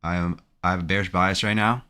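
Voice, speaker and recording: Anxious low-voiced man narrating trades. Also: fairly even intonation, fast talker, sharp tone, clear, resonant tone. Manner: anxious, emotional self-talk. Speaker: day trader streaming his trading. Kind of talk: live trading commentary.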